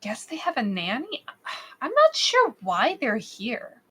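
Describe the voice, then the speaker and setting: Woman player, bright fairly high voice, shrugging offhand delivery. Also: huge pitch swings, slow pace, husky. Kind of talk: playing a character in a tabletop game.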